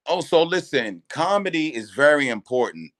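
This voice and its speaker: A man, a stand-up comedian, chatting as a guest with animated, profane storytelling and frequent restarts. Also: fairly high pitch, normal speed, no room sound. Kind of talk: casual interview chat.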